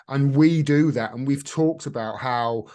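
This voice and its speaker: A man hosts a relaxed interview, full of enthusiasm and tripping over his words as he repeats them. His voice sits at an ordinary middle pitch for a man. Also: measured pace. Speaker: host. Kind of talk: casual interview chat.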